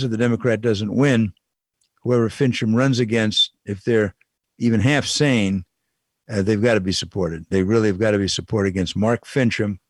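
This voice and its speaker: A man's voice: on the low side, dry recording. An older man giving a casual, wry political commentary monologue, repeating his points and chuckling at the absurd bits. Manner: wry, repetitive, chuckling asides.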